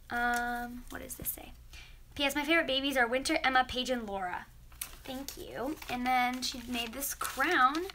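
A woman's voice: sits high, sharp tone, a little hiss or hum. A teenage girl vlogger opening fan mail, chatty and gushing as she reads letters aloud. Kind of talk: casual mail-opening vlog.

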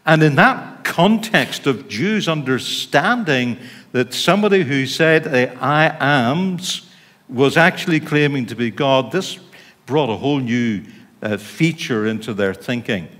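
A man's voice: medium pitch, lively intonation, unhurried, a bit bright. A middle-aged man with a Northern Irish accent, a pastor preaching a sermon in an informal, chatty way, with asides to the congregation. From Northern Ireland. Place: church. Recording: reverberant church hall.

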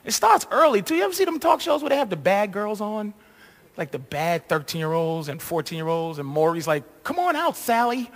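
A man doing a crude, rambling stand-up comedy set on a live stage, shouting his punchlines and acting out voices. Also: sits high, brisk.

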